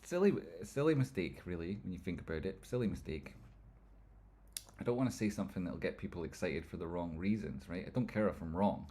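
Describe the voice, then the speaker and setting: A man's voice: low-pitched, animated, dark tone, a little hiss or hum. A man hosting a casual livestream. He jokes and rambles, reading viewer comments aloud and jumping between banter and market talk. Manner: joking, rambling, quick jumps between banter and analysis. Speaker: livestream host.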